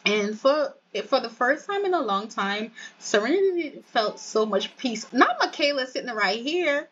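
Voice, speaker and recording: A woman's voice: on the high side, animated, a little slow, few pauses, muffled recording, a little hiss or hum. Chatty young woman narrating a game. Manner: chatty, slangy, amused asides to viewers. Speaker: gaming channel host. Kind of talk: casual gameplay narration.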